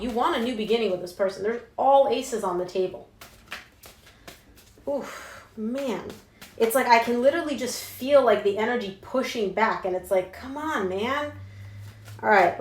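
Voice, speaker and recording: A woman's voice: fairly high pitch, animated, moderate pace, a little mellow. A young adult woman giving a casual tarot reading, talking emphatically and slangily straight to her viewers. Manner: chatty and emphatic, slangy asides. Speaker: tarot reader. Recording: roomy echo.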